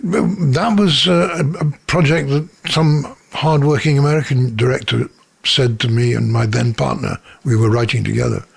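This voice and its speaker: A man's voice: medium pitch, fairly even intonation, moderate pace, creaky, breathy edge. An older man, a screenwriter, tells anecdotes in an interview in his office. He chuckles as he talks and acts out the voices of people in his stories. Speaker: screenwriter and producer.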